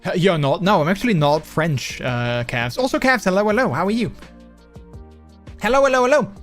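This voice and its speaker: A man's voice: high voice, sing-song, moderate pace. A Dutch man with a subtle Dutch accent, a live streamer chatting casually, reading his chat aloud and answering it. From Netherlands. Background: faint background music.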